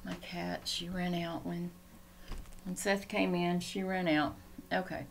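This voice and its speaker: A woman's voice: lowish voice, level tone, slow, gravelly, slight background noise. A woman chatting casually in a home vlog, rambling and easily sidetracked as she talks. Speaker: Christian vlogger. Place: home room.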